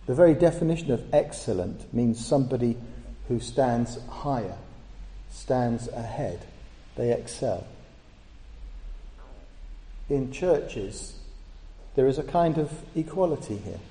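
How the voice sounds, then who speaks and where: A man's voice: mid-range voice, animated, takes it slowly, warm tone. A man preaching a sermon in a church, earnest and emphatic, lifting his voice on key words. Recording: echoey church hall.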